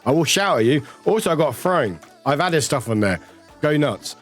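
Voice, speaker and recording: A chatty streamer, mid-pitched voice, rambling and friendly as they read chat and welcome people in. A slight cough lingers, and soft music plays in the background. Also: very animated. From United Kingdom. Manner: chatty, rambling, warm toward chat, quick laughs. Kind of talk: casual live-stream chat, reading chat aloud.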